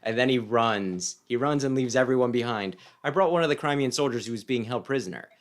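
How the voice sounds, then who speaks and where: A man's voice: medium pitch, a little fast, soft background music. A man giving casual, chatty commentary as host of a game playthrough. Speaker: let's-play host.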